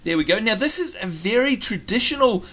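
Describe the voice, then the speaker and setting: Brisk and sing-song, this Australian man's high voice has a sharp edge. Co-hosting a game channel video, he keeps the gameplay chat casual and enthusiastic, calling out excitedly whenever guests arrive.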